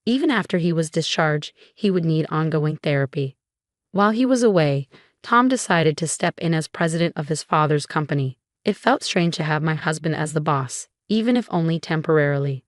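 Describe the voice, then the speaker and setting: A woman reading a first-person family drama in an even, steady storytelling voice. Her voice sits a little low, and the recording is close and completely dry. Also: a little fast, no echo. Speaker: narrator.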